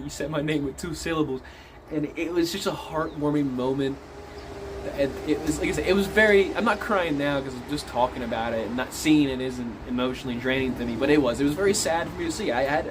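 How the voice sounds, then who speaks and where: A man with a slightly high voice talks through a film in a loose, casual way, swearing freely as he retells the scenes with feeling. A faint steady noise sits under his voice. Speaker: movie reviewer. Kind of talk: casual film review monologue.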